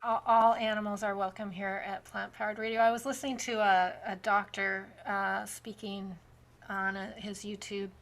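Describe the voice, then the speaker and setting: A woman's voice: medium pitch, little pitch movement, normal speed, a bit bright, a little hiss or hum. A woman hosting a podcast interview, chatty and rambling as she thinks aloud. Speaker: podcast host. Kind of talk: casual interview chat.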